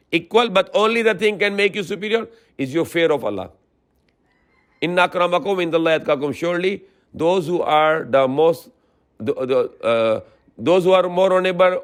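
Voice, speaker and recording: A man with a fairly high voice preaches a religious lecture in halting non-native English. He restarts his sentences often, throws rhetorical questions at his listeners and recites Arabic verses. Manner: quotes scripture in Arabic. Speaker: Islamic preacher.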